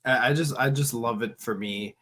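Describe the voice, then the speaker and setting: A man co-hosting a fan podcast, telling stories in an animated way with restarts. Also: medium pitch, moderate pace. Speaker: podcast co-host. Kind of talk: casual podcast chat.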